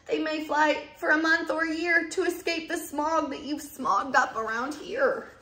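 A woman's voice: high voice, fairly even intonation, measured pace, pushed and bright, slight background noise, voice pushed up. A woman voicing a fussy little male forest creature who snaps and scolds. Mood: scolding. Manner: snappish, scolding. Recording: roomy echoey room.

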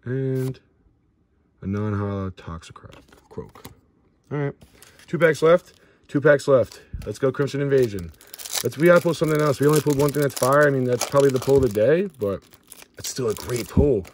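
A man's voice: mid-range voice, normal speed, a little hiss or hum. A young man hosting a card-opening video, casually listing cards as he goes and stumbling over some names. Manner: excitable, shouts and whoops at big pulls. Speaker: pack-opening channel host.

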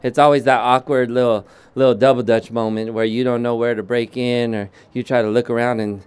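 A man preaching a sermon as pastor, slow and deliberate, often restarting his sentences. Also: medium pitch, little pitch movement, smooth, no room sound.

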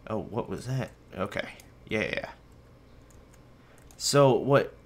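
A young man records casual gameplay commentary from his bedroom. His voice sits a little low, and he rambles easily, teasing himself and chatting straight to his viewers. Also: animated, slow pace, a little hiss or hum. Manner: rambling, self-mocking, talks to viewers and his dog. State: a bit out of breath. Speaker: gaming video host. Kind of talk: casual let's-play commentary. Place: bedroom at home.

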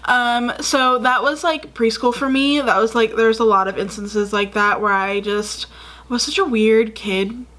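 A woman's voice: on the high side, fairly even intonation, a little slow, a bit bright. A woman in her twenties telling childhood stories to camera in a chatty, rambling way, with many fillers. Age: 20s. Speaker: vlogger. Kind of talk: casual storytelling to camera.

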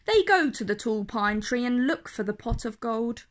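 A woman reading a picture book aloud for children, in a slow, clear, expressive way. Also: a little high. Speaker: storyteller.

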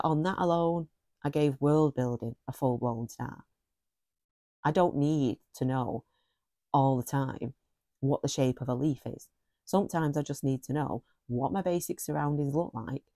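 A woman's voice: deep voice, mellow, no echo, studio quality. A middle-aged woman giving a casual, effusive book review, often repeating phrases for emphasis.

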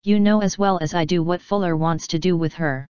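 Woman doing a desperate female prisoner, shaky, angry, low clear voice. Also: steady tone, fairly quick, a little mellow, no echo, highs cut off, natural voice.

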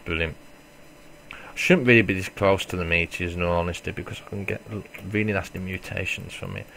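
A man's voice: sits low, fairly even intonation, a little fast, gravelly, slight background noise. A man giving casual let's play commentary, swearing and joking at himself as he plays. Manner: swearing, self-mocking, reacts loudly then mutters. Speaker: gamer.

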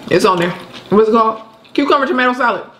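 A woman co-hosting a mukbang, talking in an animated, playful way and laughing often. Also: on the high side, quick pace, reverberant, a little hiss or hum. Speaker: co-host of a mukbang channel. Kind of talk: casual chat while eating.

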